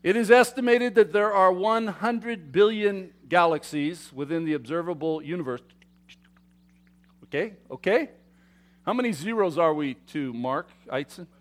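A man preaching a sermon to his congregation, swinging between loud emphatic declarations and quiet asides, often asking them questions. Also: high-pitched, a little slow. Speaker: pastor. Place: church sanctuary.

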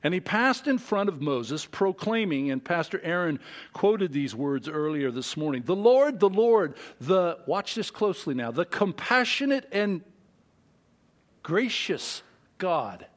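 A man preaching a sermon, slow and emphatic, reading scripture aloud and swinging between loud, raised lines and hushed, low ones. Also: very animated.

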